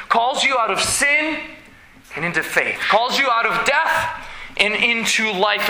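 A man preaching a sermon as pastor, slow and emphatic, with dramatic pauses. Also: very high-pitched, bright, forceful tone, roomy sound, a little hiss or hum, low-quality recording.

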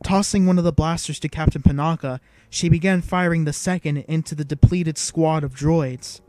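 A man narrating an audiobook in a measured, even storytelling manner. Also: a little high, dry recording.

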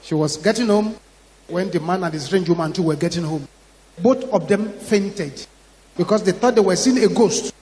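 A man with a Ghanaian English accent preaching a sermon, telling a story dramatically, acting out the voices in it and rising to shouts. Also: sits high, moderate pace. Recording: long hall reverb.

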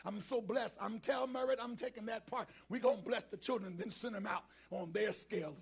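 A man preaching as a bishop, with call and response to the congregation, swinging from low muttered asides to shouted preaching. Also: a little fast, gravelly, breathy edge. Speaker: bishop preaching as guest speaker. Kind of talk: black church sermon with call and response. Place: church sanctuary with congregation.

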